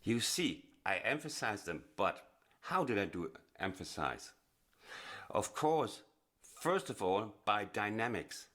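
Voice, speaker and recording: A man teaching blues piano in a chatty, explanatory way, often pausing with fillers and restarting phrases. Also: on the low side, big pitch swings, fairly bright tone. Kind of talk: casual instructional explanation. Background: piano playing.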